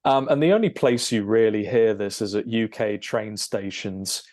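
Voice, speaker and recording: A man, an English teacher, explaining a lesson over a shared screen, checking in with "okay?" and filling pauses with "um". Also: fairly low pitch, a little mellow. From United Kingdom. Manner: explanatory, frequent "okay?" check-ins and "um" fillers.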